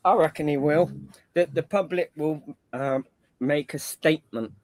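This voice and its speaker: A man's voice: a little high, unhurried. A man chatting casually on a panel stream, rambling and slangy, often restarting his sentences. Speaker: panel guest. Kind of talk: casual chat.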